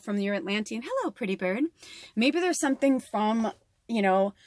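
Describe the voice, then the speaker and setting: A woman's voice: fairly high pitch, no echo, clean studio sound. Chatty woman rambling through a tarot reading. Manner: chatty and meandering, heavy on fillers, swears freely. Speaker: psychic medium giving a tarot reading. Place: tiny home.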